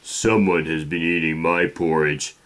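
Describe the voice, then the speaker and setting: A man reading aloud and voicing a big gruff father bear. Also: extremely low pitch, steady tone, measured pace, fairly bright tone.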